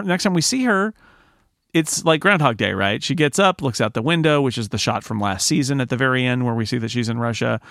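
A gravelly mid-range voice belongs to a man co-hosting a podcast, where he casually recaps a TV episode and acts out its lines with animation. The recording is dry and studio quality.

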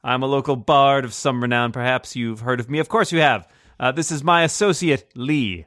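A man's voice: medium pitch, normal speed, dry recording, clean studio sound, natural voice. A man playing a boastful, showily courteous male bard in a tabletop game. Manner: grandiose, courteous, self-flattering.

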